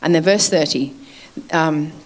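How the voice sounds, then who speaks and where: A woman's voice: low voice, a little slow. A woman preaching a sermon in a chatty way, laughing often and asking her listeners to agree.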